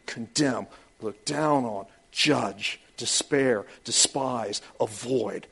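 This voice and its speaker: A man preaching a sermon as pastor, talking animatedly and acting out quoted voices with sudden high outbursts. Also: very slow, gravelly, fairly bright tone, breathy edge.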